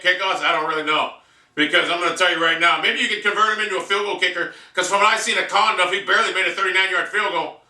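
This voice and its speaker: A man's voice: high voice, sharp tone, distant mic. A man ranting angrily and profanely as a sports fan, venting at length in a room at home. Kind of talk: angry fan rant. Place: room in a house. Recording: echoey room, off-mic.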